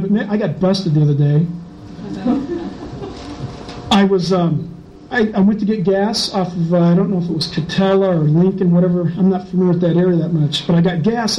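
A middle-aged man, preaching a sermon full of personal stories, acting out voices as he goes. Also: high voice. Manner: animated storyteller, acts out voices and laughs. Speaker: pastor. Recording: slightly dull, faint background noise.

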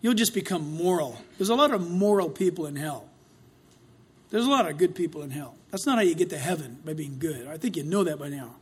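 A man preaching a sermon, swinging between loud outcries and hushed asides, with a dramatic delivery. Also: on the high side, lively intonation, a little fast, husky.

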